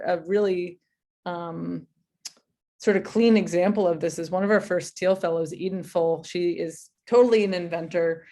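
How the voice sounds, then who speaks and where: A woman mentor giving casual advice, telling an animated story full of "like" fillers. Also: fairly low pitch.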